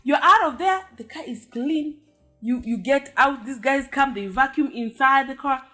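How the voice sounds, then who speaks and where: A young woman from Africa telling a story casually, animated and acting out sounds with her mouth. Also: high-pitched, moderate pace, faint music behind. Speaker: vlogger.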